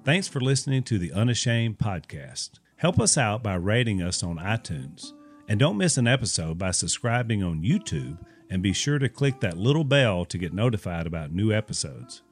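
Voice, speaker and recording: A man's voice: on the low side, very animated, moderate pace, soft background music. A man co-hosting a podcast, chatting casually and telling a story, acting out the people in it. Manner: storytelling, acts out voices in anecdotes. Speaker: podcast co-host. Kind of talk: casual chat.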